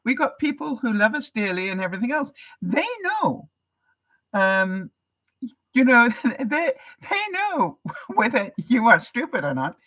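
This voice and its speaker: A woman's voice: a little high, very animated, unhurried, fairly bright tone, rough recording. An older woman from Canada, hosting a live vlog broadcast and chatting casually with viewers, laughing often. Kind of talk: casual advice chat to viewers.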